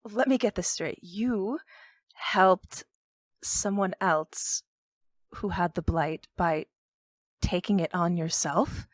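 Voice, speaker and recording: A woman player in a tabletop game, speaking slowly and deliberately. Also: on the low side, dry recording.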